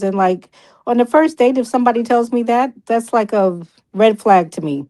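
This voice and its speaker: A middle-aged woman with a New York accent, talking fast and restarting words as she argues her point in a casual debate. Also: a little high, dark tone, poor audio.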